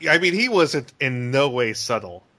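A man co-hosting a casual podcast chat, excitable, laughing often and restarting his sentences. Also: mid-range voice, normal speed. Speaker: podcast co-host. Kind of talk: casual podcast chat about an animated movie.

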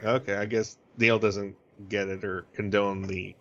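A man co-hosting a podcast in casual chat, joking and rambling in an animated way. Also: lowish voice, measured pace, a little hiss or hum. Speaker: podcast co-host. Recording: dull lo-fi podcast audio.

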